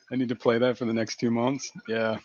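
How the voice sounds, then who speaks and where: A man's voice: mid-range voice, no room sound, lo-fi sound. A man hosting a casual live stream from his fish room, laughing at his own jokes. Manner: giggly, keeps cracking himself up. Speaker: fishkeeping livestream host.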